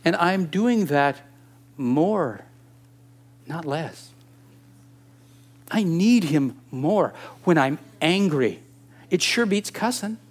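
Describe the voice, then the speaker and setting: Animated preacher man in his sixties. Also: a little high, very slow, pauses often. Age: 60s. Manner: animated and emphatic, with rhetorical questions. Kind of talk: sermon.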